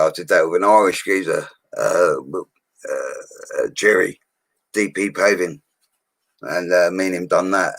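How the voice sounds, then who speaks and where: A man's voice: deep voice, a bit bright, no echo, rough recording. A man of forty with a London accent, telling stories about his bricklaying work in a casual, blunt way. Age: 40s. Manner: chatty and blunt, with slang and mild swearing. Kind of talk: casual storytelling livestream.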